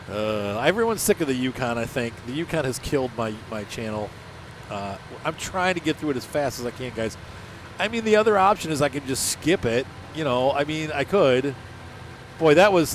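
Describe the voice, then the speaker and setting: A man with a stuffed-up nose from allergies, casually commenting on his gameplay in a rambling, joking, self-deprecating way. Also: mid-range voice. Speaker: gaming channel host. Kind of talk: casual let's-play commentary. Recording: game engine and vehicle noise behind.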